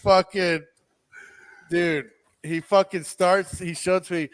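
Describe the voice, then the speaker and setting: A man's voice: sits high, steady tone, takes it slowly, clear, resonant tone, no room sound. A man guest on a podcast telling a casual story in a rambling, profane way, full of restarts.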